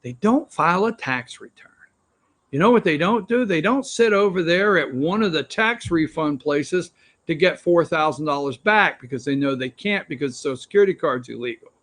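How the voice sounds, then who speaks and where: A man's voice: fairly high pitch, lively intonation, moderate pace, a bit bright. A man hosting an opinion talk show, ranting with sarcastic, rambling asides.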